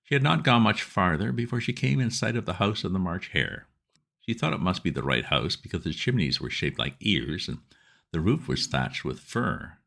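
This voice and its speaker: Brief: man reading a children's classic, animated intonation, low and gravelly. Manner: lively, expressive reading. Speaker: narrator. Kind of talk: storybook reading.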